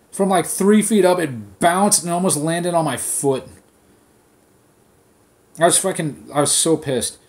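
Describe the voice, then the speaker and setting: A man hosting a podcast, ranting in a casual, profane style and telling an animated story, recorded on his phone. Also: on the high side. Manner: swears constantly, animated storytelling. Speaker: podcast host.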